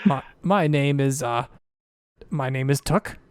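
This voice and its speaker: A man's voice: medium pitch, slow pace, smooth, no echo, studio quality, close to an everyday voice. A man doing a nervous stammering dwarf guard. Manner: hesitant, stammering.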